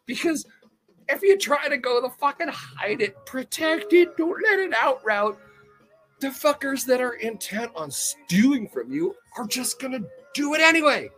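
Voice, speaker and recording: A man's voice: very high-pitched, big pitch swings, measured pace, a bit bright, soft background music. A man hosting a podcast, telling a rambling, profane story in casual chat and laughing often. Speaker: podcast host.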